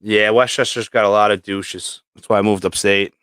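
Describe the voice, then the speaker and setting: A man from New York with a lowish voice, hosting a casual livestream. He jokes, curses freely and tells stories with real animation. The sound is close and dry, with almost no room at all. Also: normal speed, clear, resonant tone, no echo. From New York, USA. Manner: joking, profane, animated storytelling. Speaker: livestream host, reptile breeder. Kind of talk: casual chat.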